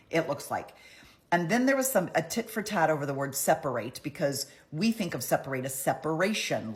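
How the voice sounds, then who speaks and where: A middle-aged woman giving a chatty, opinionated trial recap, often acting out what people said. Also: low-pitched. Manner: chatty, opinionated, acts out quotes. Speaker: trial commentary vlogger. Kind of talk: casual trial recap commentary.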